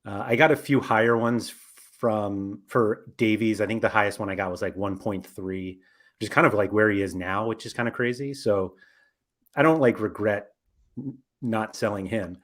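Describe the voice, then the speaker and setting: A man's voice: fairly low pitch, fairly even intonation, moderate pace, fairly bright tone. A man hosting a casual podcast, talking in a rambling way with lots of fillers and self-corrections. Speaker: podcast host.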